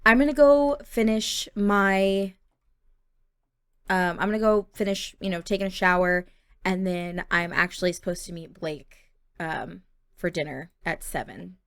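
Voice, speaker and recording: A woman's voice: on the low side, measured pace, clean tone, no room sound, studio quality. A woman voicing a young female student who sounds earnest, a bit defensive and hurt. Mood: casual.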